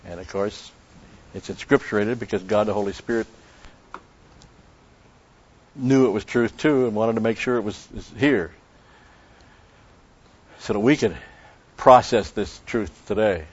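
A man teaching the Bible in an expository sermon, emphatic, repeating key phrases and slowing down on Greek words. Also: on the low side, slightly rough. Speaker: preacher. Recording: dull lo-fi recording.

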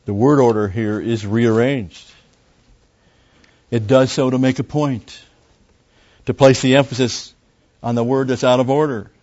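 A man's voice: medium pitch, steady tone, measured pace, long pauses, darkish tone, highs cut off. A man preaching a Bible teaching sermon, explaining a passage step by step and repeating key phrases. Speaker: pastor.

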